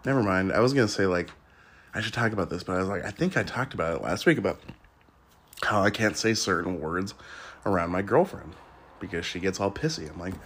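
A man's voice: low-pitched, fairly quick, a bit bright, breathy edge. A man in his thirties hosting a podcast, rambling casually in a blunt, crude way and laughing often. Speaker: podcast host.

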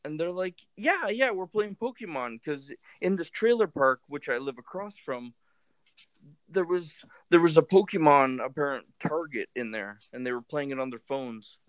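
A man's voice: on the high side, moderate pace, clean tone, dry recording. A man telling a casual anecdote, chatty and full of fillers, acting out what others said. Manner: chatty, filler-heavy, acts out quotes. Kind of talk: casual storytelling chat.

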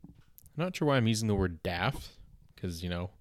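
Rambling Canadian man, low and dry. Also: lively intonation, moderate pace, no room sound. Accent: Canadian English. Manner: meandering, self-deprecating, full of fillers and restarts. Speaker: comedy podcast host. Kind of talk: casual rambling comedy monologue.

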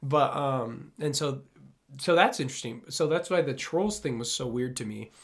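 A man co-hosting a casual movie podcast, his pitch sitting in an ordinary middle range. He talks in a chatty, loose way, laughing often and trailing off mid-sentence. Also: animated, normal speed. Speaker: podcast co-host. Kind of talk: casual movie-review chat.

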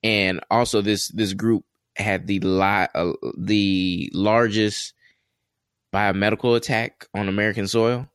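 A man co-hosting a casual podcast, relaxed and rambling with many fillers. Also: lowish voice, measured pace, smooth, no echo, clean studio sound. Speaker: podcast co-host.

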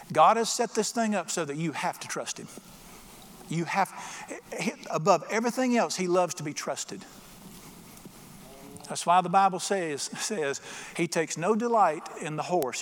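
A middle-aged man preaching a sermon as pastor, folksy and storytelling, acting out little voices in his jokes. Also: on the high side. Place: church sanctuary. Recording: long church reverb.

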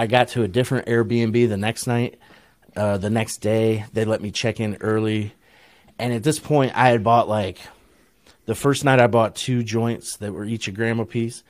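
A man's voice: mid-range voice, steady tone, measured pace, dry recording. A middle-aged man with an Ohio accent, telling a long story on a podcast in a laid-back, profane way and laughing often. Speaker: podcast co-host. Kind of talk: casual chat, storytelling.

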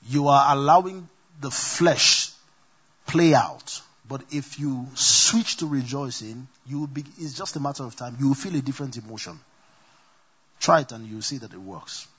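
Husky man preaching a sermon. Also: mid-range voice, fairly bright tone, muffled recording. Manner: call-and-response preaching, repeats scripture references. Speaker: pastor.

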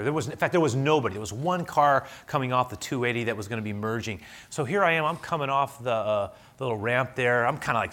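A man preaching a sermon, telling a story and getting animated as he quotes himself. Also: mid-range voice. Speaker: pastor.

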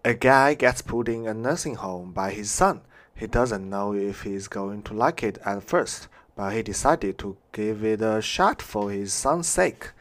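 A man's voice: lowish voice, measured pace, fairly bright tone. A man casually reading online jokes aloud, often laughing and stumbling over words. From Canada.

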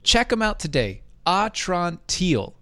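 A male podcast co-host talking in loose, rambling casual chat, stumbling through restarts and dropping sarcastic asides. His voice sits at an ordinary pitch, recorded close with no room sound. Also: animated, normal speed, no room sound.

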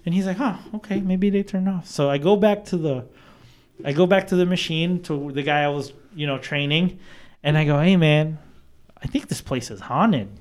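Male storyteller, casual and profane, acts out quotes, higher-pitched. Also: moderate pace. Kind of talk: casual chat.

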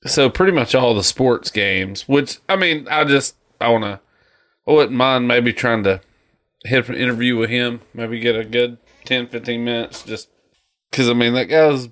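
A man in his thirties, co-hosting a podcast in casual, jokey chat that rambles. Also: normal speed. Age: 30s. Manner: rambling and jokey, lively pitch. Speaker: podcast co-host.

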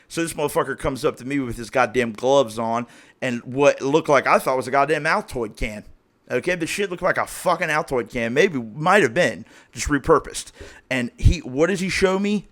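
Profane, animated Midwestern man in his thirties. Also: mid-range voice, brisk. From Ohio, USA. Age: 30s. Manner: profane, animated storyteller acting out quotes. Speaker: podcast host. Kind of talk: casual storytelling.

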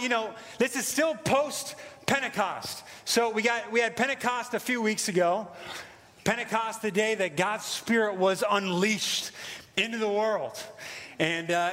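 American guy preaching, high voice, chatty and excited, lots of um and you know. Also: big-room sound. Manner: casual, excited preaching with many fillers. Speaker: pastor. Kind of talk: sermon.

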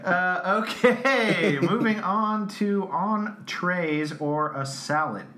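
A man's voice: high voice, a crowd in the background. A man co-hosting a casual podcast who reads a menu aloud with jokes and frequent laughter. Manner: jokey, laughs often, drawn-out reading. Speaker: podcast co-host.

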